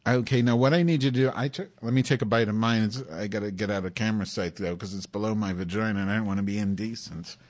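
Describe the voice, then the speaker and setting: A man hosting a comedic live stream, excitable, sarcastic and rambling, talking into a headset mic. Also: lowish voice, fast talker, hardly any pauses. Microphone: headphones with mic.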